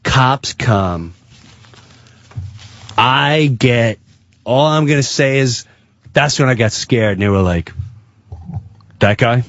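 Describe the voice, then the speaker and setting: A man, a comedian guest on a talk radio show, telling a story in an excitable, animated way. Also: medium pitch, slow pace, pauses often, no echo, dull audio.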